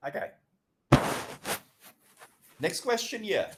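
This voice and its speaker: A middle-aged man teaching a grammar lecture, explaining slowly and acting out example dialogues. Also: a little high, expressive, heavy background noise. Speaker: English teacher.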